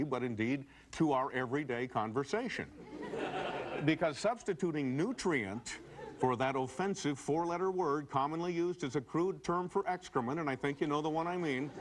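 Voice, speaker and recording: A man giving a comic editorial commentary in a mock-earnest manner, building to exaggerated outbursts. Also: mid-range voice. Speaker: commentator on a comedy news segment. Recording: noisy TV broadcast.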